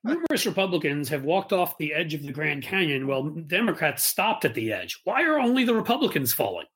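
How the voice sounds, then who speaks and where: A man's voice: fairly high pitch, big pitch swings, a little fast, a bit bright, husky. A man co-hosting a podcast, chatting casually and animatedly, mocking people in put-on voices. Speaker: podcast co-host. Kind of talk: casual political chat.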